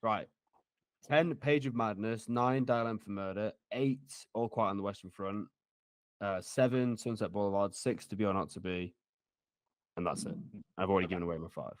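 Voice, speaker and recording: A man's voice: on the low side, moderate pace, no echo. A man co-hosting a casual movie podcast, scattered and swearing as he ranks films. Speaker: podcast co-host. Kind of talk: casual movie-ranking chat.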